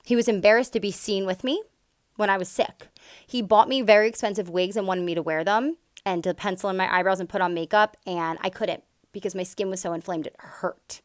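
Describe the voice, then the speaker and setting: A woman's voice: mid-range voice, fairly even intonation, fairly quick, no echo. Candid woman telling her own story, dry sound. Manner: emphatic and candid, many likes and asides. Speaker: vlogger sharing a personal story. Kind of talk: casual personal storytelling.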